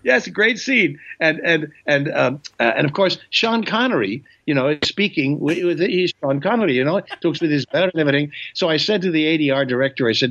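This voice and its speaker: An Indiana-born man in his eighties, a comedian and voice actor appearing as a guest, rambles through show-business anecdotes in a playful, jokey way full of fillers and restarts. His voice sits on the high side with lively intonation and a fairly bright tone, moving fairly quickly with hardly any pauses. The remote recording sounds dull and lo-fi.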